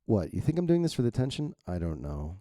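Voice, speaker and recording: A man's voice: lowish voice, big pitch swings, fast, dark tone, no room sound, clean studio sound. A man reading aloud as a brooding adult male character from his own novel, blunt and self-pitying. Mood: defensive.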